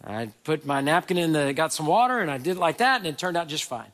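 A man preaching a sermon, telling a story with sudden loud and soft swings. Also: a little high, lively intonation, fast talker. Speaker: pastor. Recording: hall reverb.

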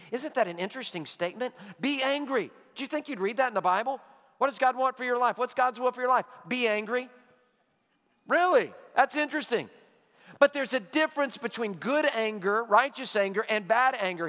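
A man preaching a sermon as pastor, telling stories with animation and dropping to a hush for emphasis. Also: sits high, in a large hall. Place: church sanctuary.

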